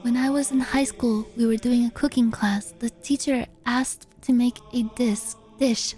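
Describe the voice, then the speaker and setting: Brief: woman streamer, high voice, playful and animated, casually swearing while reading viewer posts. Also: measured pace, faint music behind. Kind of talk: casual livestream chat, reading viewer submissions.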